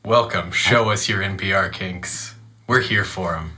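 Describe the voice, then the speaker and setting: A man's voice: low voice, a little slow. Dry-witted male podcast co-host. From Ohio. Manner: dry, wry one-liners. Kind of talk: casual comedic banter.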